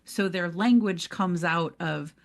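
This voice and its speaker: A woman co-hosting a motivational podcast in casual chat, animated and laughing often, acting out quoted self-talk. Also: lowish voice, takes it slowly, vocal fry. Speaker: podcast co-host.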